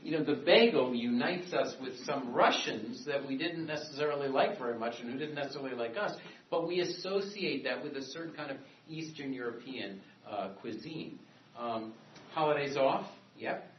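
Speaking at a moderate pace in an expressive, mid-range voice, a man delivers a discursive, conversational lecture to a class, full of asides and restarts. The recording comes from a distance in an echoey room, muffled and dull, with slight background noise.

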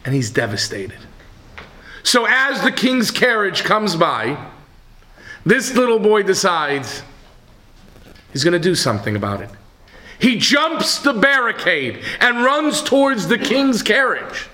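Animated high-voiced man telling a sermon story. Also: slow pace, long pauses. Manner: dramatic, swings from hushed to shouting.

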